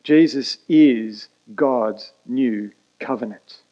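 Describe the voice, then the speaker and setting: A man delivers a sermon at an unhurried pace. He leans hard on key phrases and lets dramatic pauses hang. The recording sounds dull and slightly lo-fi. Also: medium pitch. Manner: emphatic preaching with dramatic pauses and quick asides. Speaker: pastor.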